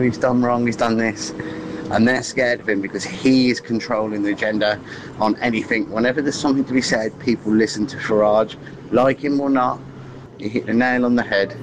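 Emphatic male caller over a noisy line. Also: fairly low pitch. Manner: emphatic, matey. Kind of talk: phone-in call.

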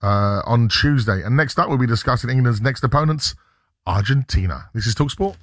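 Male radio presenter, mid pitch, dry close mic, brisk plugs and banter. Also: a bit bright, no echo. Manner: brisk, reads promos between jokes.

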